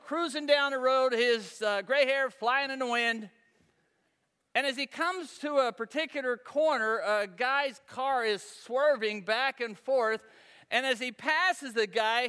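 High, bright-voiced pastor in a reverberant hall. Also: male voice, clear, resonant tone. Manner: conversational, folksy storytelling. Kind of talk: sermon.

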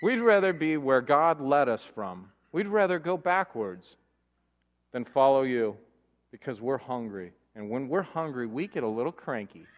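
A man preaching a sermon as pastor, animated, firing off rhetorical questions and mimicking grumbling voices for laughs. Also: medium pitch, a little slow. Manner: animated, rhetorical questions, mock-complaining voices for comic effect. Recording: long hall reverb.

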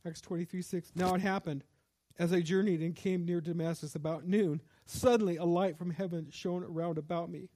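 A man's voice: sits high, fairly even intonation, brisk, mellow. A man preaching a sermon as pastor, moving between scripture reading and impassioned prayer.

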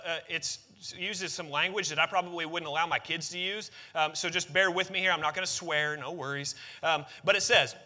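In a church sanctuary full of worshippers, a male pastor with a high, bright, forceful voice reads scripture into a microphone and ends up out of breath. He then talks conversationally, asking the congregation questions.

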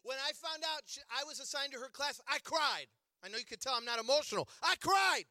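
A man's voice: extremely high pitch, fast talker, sharp tone, dry recording. A man in his forties from the Chicago area preaching a sermon, telling a humorous personal story with lots of "like" fillers. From Chicago area, USA.

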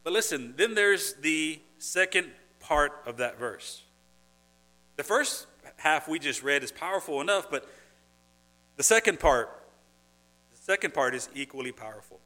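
Bright, earnest man preaching a sermon. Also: on the high side, lively intonation, a little slow, long pauses, soft background music. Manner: earnest, repeats and restarts phrases, rising to emphatic points. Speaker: pastor.

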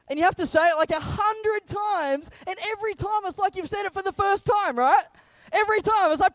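A young man preaching a sermon, telling funny stories about fatherhood in a lively, playful way. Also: very high-pitched, a little fast, no echo. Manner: animated, humorous storytelling that acts out scenes.

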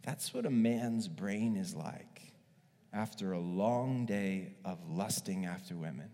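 A male pastor preaching a sermon in an animated, joking way, acting out stories as he goes. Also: fairly low pitch, takes it slowly, big-room sound.

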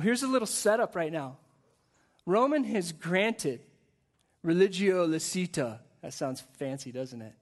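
A man preaching a sermon to a church service, in an energetic, conversational way with frequent repeated words. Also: sits high. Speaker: guest pastor.

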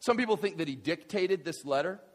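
Man, pastor, preaching a sermon, husky voice, very lively intonation, conversational and animated. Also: on the high side, fairly quick. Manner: conversational and animated, swinging from hushed asides to fired-up exclamations. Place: church hall with congregation.

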